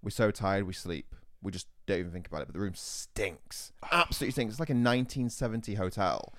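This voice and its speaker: Young male podcaster, lowish voice, lively, foul-mouthed, in a dry room. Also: no room sound. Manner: animated, swearing, quick retorts. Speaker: podcast host. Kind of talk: casual storytelling chat.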